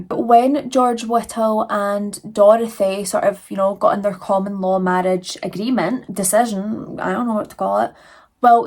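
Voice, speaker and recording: Woman host, true crime vlog, conversational, mid-pitched, talks straight to her viewers. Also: darkish tone. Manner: chatty, with asides to viewers. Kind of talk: casual true crime narration.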